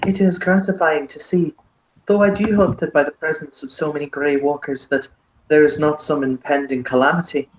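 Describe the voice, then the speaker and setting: A man's voice: fairly high pitch, steady tone, normal speed, reverberant, a little hiss or hum, voice pushed up, close to an everyday voice, poor audio. A man voicing a haughty noble male fairy baron, speaking pompously and courtly in an Irish accent.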